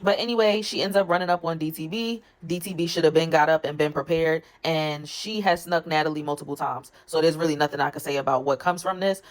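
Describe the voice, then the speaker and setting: A woman recapping a reality show episode in a blunt, gossipy, profane way. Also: deep voice. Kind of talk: casual recap vlog.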